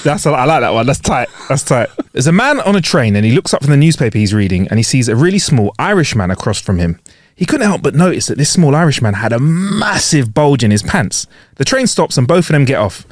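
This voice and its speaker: A man's voice: mid-range voice, very animated, brisk, no echo, studio quality. A man co-hosting a podcast, telling jokes casually, laughing often and correcting himself. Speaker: podcast co-host.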